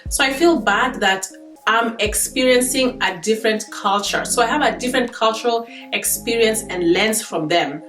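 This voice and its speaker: A woman's voice: mid-range voice, a bit bright, roomy sound. A Kenyan woman in her thirties, chatting casually to camera as a vlogger, laughing between points.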